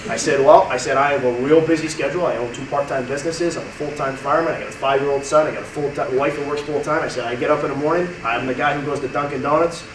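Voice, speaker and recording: In a casual testimonial to a group, a man in his thirties speaks fast with a mid-range voice, fairly even intonation, and few pauses, while repeating and restarting words. The recording comes across as roomy and distant, with faint noise.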